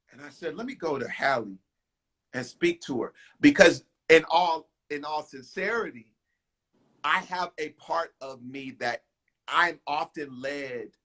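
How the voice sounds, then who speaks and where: A singer from Houston, appearing as an interview guest, tells a lively story, acting out what people said and breaking into song. His voice is on the high side.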